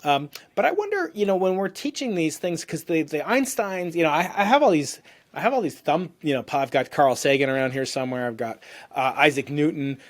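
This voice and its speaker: A man's voice: a little high, expressive, fairly quick. A man in his fifties, a physicist hosting an interview, who rambles through questions with frequent restarts. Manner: rambling, restarts, many "you know"s. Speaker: podcast host, physicist. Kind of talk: conversational interview.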